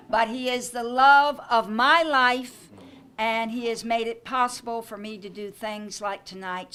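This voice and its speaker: High-voiced older woman giving a gracious welcome. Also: sharp tone. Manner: gracious, anecdotal, with light humor. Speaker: host. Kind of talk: welcome speech to guests. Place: private home during an evening reception.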